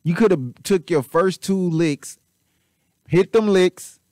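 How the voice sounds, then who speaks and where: A man hosting casual commentary, rambling and repetitive, animated and swearing freely. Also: high voice, slow, no room sound, studio quality. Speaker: channel host.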